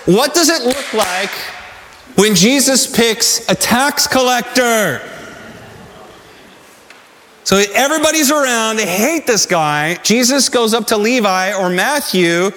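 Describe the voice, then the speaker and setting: A man preaching a sermon, telling stories with animated energy and asking the congregation rhetorical questions. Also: very high voice, big-room sound. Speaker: pastor.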